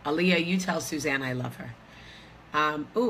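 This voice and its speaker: Chatty bright-voiced woman rambling casually. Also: low voice, moderate pace, slight background noise. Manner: chatty, rambling, lots of fillers. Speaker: vlogger host. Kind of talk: casual chat to viewers. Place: hotel room.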